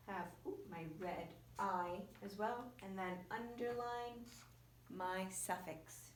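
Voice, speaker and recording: Patient teacher woman, echoey room. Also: medium pitch. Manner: patient, explains step by step. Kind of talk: online spelling lesson. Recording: echoey room, faint hiss.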